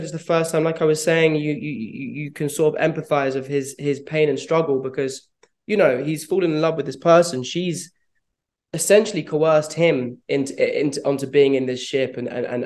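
A man's voice: a little high, darkish tone. A man, an actor answering interview questions in a reflective, rambling way, with frequent laughs. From London, England. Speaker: actor guest.

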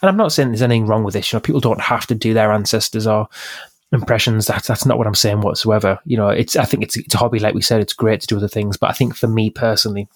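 A man with a low voice chats casually as a podcast co-host. He stumbles and repeats words while working out what he means. The sound is dry, with no room echo. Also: steady tone, fast talker. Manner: hesitant, repeats words, thinking aloud.

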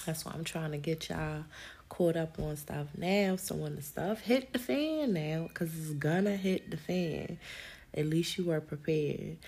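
A woman's voice: deep voice, measured pace, vocal fry, a little mellow, breathy edge. A young woman, hosting a podcast and talking casually and animatedly to her listeners, full of slang and laughter. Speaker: podcast host.

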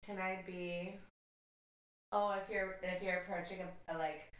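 A woman's voice: on the low side, fairly even intonation, a little slow, a bit bright. A woman co-hosting a podcast in casual chat, hesitant and restarting as she thinks. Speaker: podcast co-host. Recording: very echoey room, a little far from the mic, faint noise.

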